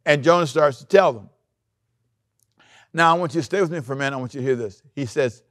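A male pastor preaching a sermon, animated, acting out the scripture story with big swings in loudness. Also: mid-range voice, normal speed, pauses often, no echo, clean studio sound.

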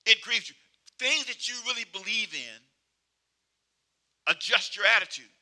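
High, bright-voiced emphatic male preacher. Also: expressive, a little slow. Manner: emphatic, repetitive call-and-response preaching; swings between loud exhortation and quiet, low asides. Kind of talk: sermon.

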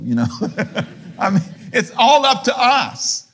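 A middle-aged male pastor preaching a sermon, firing rhetorical questions and swinging from low murmurs to loud, high emphasis. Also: very animated, slow pace, slight background noise.

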